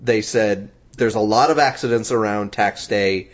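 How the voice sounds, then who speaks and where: A man's voice: lowish voice, moderate pace. Chatty man co-hosting a podcast. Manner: chatty, explains at length with fillers. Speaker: podcast co-host. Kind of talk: casual chat. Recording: dull lo-fi podcast audio.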